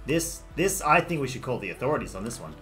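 A man's voice: medium pitch, sing-song, fast, a bit bright. A man with an Australian accent, casually streaming a game and rambling while he answers viewers' messages. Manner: rambling, greets and answers chat. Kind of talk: casual live-stream chat. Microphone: desktop microphone. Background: faint background music.

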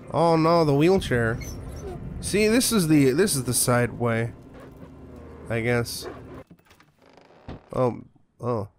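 Sarcastic male streamer, slow drawl, profane gameplay commentary. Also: mid-range voice, gravelly.

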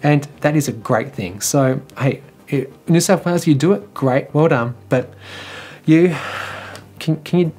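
Husky Australian man, wry news chat. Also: on the high side, unhurried, darkish tone. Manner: chatty, wry, talks to viewers directly. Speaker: tech news YouTuber. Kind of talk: casual news commentary.

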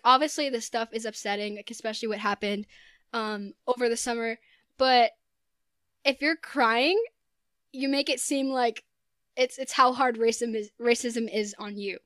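Smooth-voiced young woman, earnest chat. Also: a little high, a bit bright, dry recording, clean studio sound. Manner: earnest, lots of "like" fillers. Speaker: podcast guest. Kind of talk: casual podcast chat.

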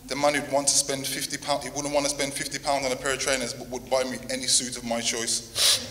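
Guy reading a eulogy, flat steady voice, sharp bright tone, long church reverb. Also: mid-range voice, fairly quick. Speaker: grandson giving a tribute. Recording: long hall reverb, faint noise.

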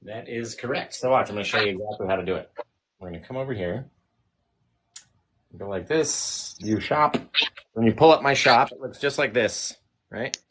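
A man's voice: on the low side, moderate pace, pauses often, fairly bright tone, slight background noise. A man hosting a painting channel's livestream, casually walking viewers through his online shop.

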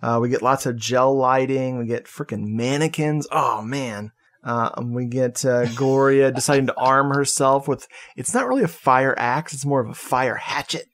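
Excitable man recapping a movie. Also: medium pitch, normal speed. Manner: excitable, swears casually, laughs a lot. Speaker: podcast co-host. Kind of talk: casual movie recap chat.

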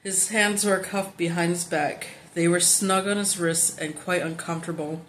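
A woman reading a children's novel aloud in steady, plain narration, now and then stumbling on a word and correcting herself. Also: fairly low pitch, normal speed, slight background noise. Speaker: audiobook reader.

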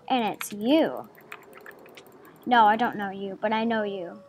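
A woman's voice: on the high side, a little slow. A woman hosting a gaming channel, giving playful, giggly gameplay commentary at her home computer and chatting to the game's creatures.

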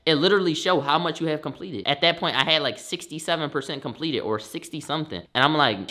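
A young adult man telling a storytime vlog in a slangy, profane, animated way with sudden loud bursts. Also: on the high side, quick pace, few pauses. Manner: profane, conversational. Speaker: storytime vlogger.

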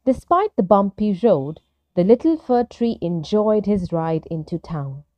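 A woman narrating a children's story in a gentle, expressive storytelling manner. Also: medium pitch, measured pace, no echo, dull audio.

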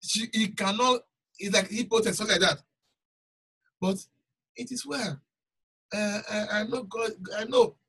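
A man's voice: sits high, measured pace, long pauses, a bit bright, slightly rough, far from the mic, rough recording. A man preaching a sermon and telling a personal testimony, emphatic and repeating phrases for stress.

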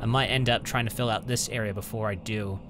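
A man's voice: on the low side, fairly even intonation, a little fast, background noise. A man giving casual let's-play commentary at his home computer, chatting as he reads out item stats and mutters at enemies. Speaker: gaming channel host.

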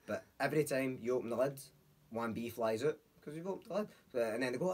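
A Scottish man, a comedian and actor, chatting casually as a podcast guest and swearing freely as he spins a long, animated analogy. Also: mid-range voice, quick pace. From Scotland.

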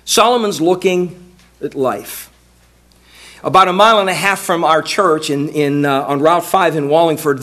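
High-voiced preaching man. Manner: preaching with rising fervor, crying out quoted lines. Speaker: pastor. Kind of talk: sermon. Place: church sanctuary.

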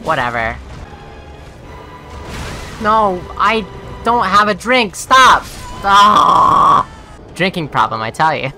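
A lowish, very animated voice belongs to a woman streaming a video game, taking her time with long pauses as game music plays. Profane and exasperated, she chats to her viewers and bursts into shouts and shrieks when she dies.

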